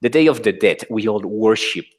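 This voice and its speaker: A man from Mexico with a British-tinged, non-native English accent, a livestream guest who talks haltingly with many restarts. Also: on the low side, animated. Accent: British-tinged, not native. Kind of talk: casual livestream chat.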